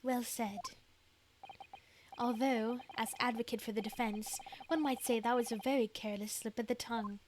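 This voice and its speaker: A woman voicing an earnest young male defense lawyer in her own voice, reading formal game dialogue in a measured way. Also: on the high side, fairly even intonation, a little mellow, slight background noise, close to an everyday voice.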